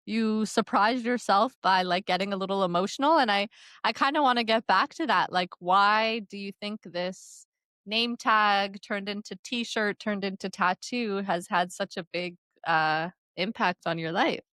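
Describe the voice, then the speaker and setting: A woman's voice: mid-range voice, a little slow, sharp tone, dry recording, clean studio sound. A woman hosting an interview and asking thoughtful questions. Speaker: podcast host. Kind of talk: interview chat.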